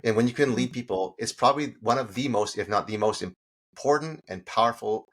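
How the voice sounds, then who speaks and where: Husky-voiced man, animated sales coach. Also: on the low side, fairly quick. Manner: animated storytelling, acts out quoted dialogue. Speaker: sales coach, podcast guest. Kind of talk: casual interview talk.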